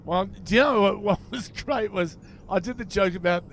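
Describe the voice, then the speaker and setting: A man's voice: sits high, moderate pace, fairly bright tone, a little hiss or hum. A man with an Australian accent chatting as a podcast co-host, telling dry anecdotes and acting out what people said, recorded in a moving car. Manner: dry anecdotal storytelling, acts out quoted voices. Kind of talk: casual chat.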